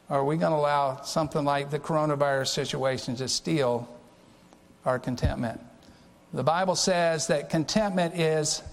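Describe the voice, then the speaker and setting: Male pastor, earnest and unhurried storytelling sermon, slightly high voice, long hall reverb.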